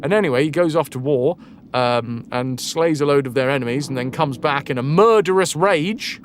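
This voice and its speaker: A man tells an old legend casually while he plays, rambling and swearing and correcting himself. His voice sits fairly high for a man. A faint hum runs behind his home setup. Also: normal speed. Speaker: streamer. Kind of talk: casual storytelling while gaming.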